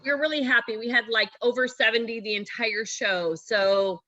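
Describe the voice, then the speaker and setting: Bright high-voiced woman hosting a video call. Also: normal speed, dry recording, highs cut off. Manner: loose, chatty, joking. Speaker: event host. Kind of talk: casual chat over a video call.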